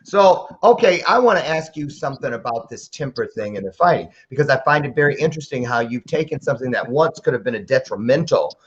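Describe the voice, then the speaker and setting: A man's voice: medium pitch, animated, fast, hardly any pauses, lo-fi sound. A man hosting a casual podcast interview, playful and joking. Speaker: podcast host.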